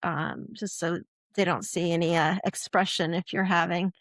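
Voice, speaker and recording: A woman's voice: on the low side, steady tone, moderate pace, fairly bright tone, dry recording, studio quality. A woman guest expert on a podcast, talking casually and checking in with "right?" and "okay?", sometimes acting out quoted lines. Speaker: guest expert on puberty education. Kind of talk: conversational podcast interview.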